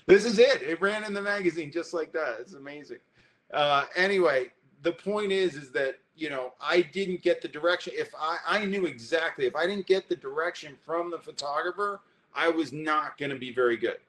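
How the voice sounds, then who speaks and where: A man presenting an online photography workshop, animated and high-energy, talking straight to his viewers while alone at his computer. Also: normal speed. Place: indoors, alone in front of a computer. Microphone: webcam or computer mic, alone talking to a screen.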